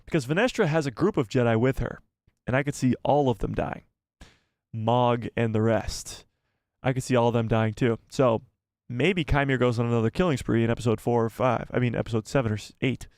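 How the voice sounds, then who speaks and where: Brief: male streamer, mid-pitched, chatty and easygoing, reads chat aloud, close dry headset sound. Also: brisk, darkish tone, no room sound. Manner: chatty, laughs often, talks to viewers by name. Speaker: live stream host. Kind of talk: casual live-stream chat reading viewer messages.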